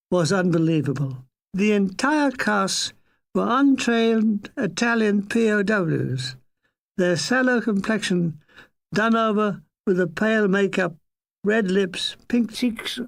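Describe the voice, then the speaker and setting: An older man reading a comic memoir aloud with dry, deadpan wit. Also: sits high, gravelly. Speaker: narrator.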